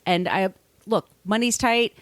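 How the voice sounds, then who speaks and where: A woman's voice: mid-range voice, a little slow, dry recording. A woman with a nasal voice co-hosting a podcast, rambling through thank-yous to listeners. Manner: warm, rambling thank-yous, caffeinated energy. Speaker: podcast co-host. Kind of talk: casual podcast chat.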